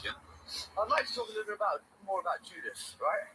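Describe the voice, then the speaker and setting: A man vlogging in a rambling, excitable, sing-song way, repeating his phrases over and over. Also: high-pitched, quick pace, noisy background. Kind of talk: rambling self-filmed vlog.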